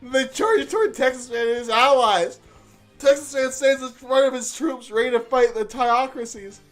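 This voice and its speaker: A man's voice: very high-pitched, normal speed, faint music behind. A man streaming live, reading an AI-made story aloud and laughing often as he goes.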